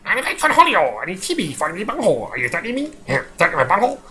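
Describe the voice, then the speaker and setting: A man putting on the raspy voice of a dim-witted teenage cartoon boy, grunting "hmm" between lines. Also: high-pitched, huge pitch swings, racing, sharp tone, pitched above the performer's own voice, exaggerated voice. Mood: manic.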